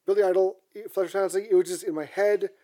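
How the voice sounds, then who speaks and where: A woman's voice: medium pitch, fairly even intonation, quick pace, warm tone. A woman co-hosting a podcast, from Canada, telling rambling stories in casual chat with frequent restarts.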